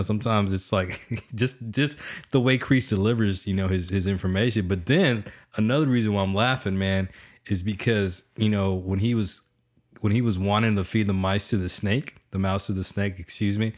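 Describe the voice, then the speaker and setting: A man hosting a podcast, talking in a loose, easygoing way that is full of filler words. His voice sits a little low. He sounds relaxed and conversational. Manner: laid-back, peppers sentences with "man" and "you know". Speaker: podcast host. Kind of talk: casual recap chat.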